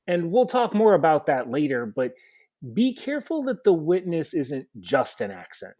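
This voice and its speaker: A man's voice: fairly high pitch, big pitch swings, normal speed, darkish tone. Man coaching in a podcast chat. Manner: explanatory, coaching tone with rhetorical questions. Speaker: podcast co-host and mock trial coach. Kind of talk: conversational podcast advice.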